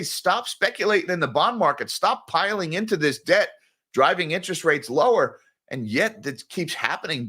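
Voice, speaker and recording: A man's voice: fairly high pitch, fairly bright tone. A man hosting casual daily market news commentary, blunt and conversational, addressing viewers directly.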